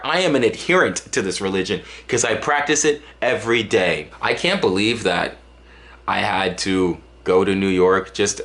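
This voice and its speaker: A man from Dallas rambles cheerfully to camera, piling up jokes and exaggerations. His pitch swings widely as he talks, at an ordinary middle height. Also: a bit bright. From Dallas, Texas. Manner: joking, exaggerated, rambling with restarts. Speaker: vlogger. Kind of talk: casual comedic monologue to camera.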